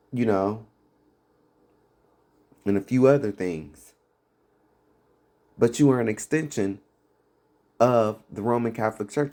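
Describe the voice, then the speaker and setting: A man's voice: fairly low pitch, a little mellow. A man giving fiery, blunt commentary on preachers, scornful and mocking. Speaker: religious commentator.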